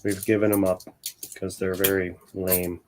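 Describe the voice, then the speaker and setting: A man's voice: sits low, level tone, moderate pace, noisy background. A man from Ohio hosting a casual livestream while hunting through coin rolls, blunt and joking in his crude banter. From Ohio, USA. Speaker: livestream host.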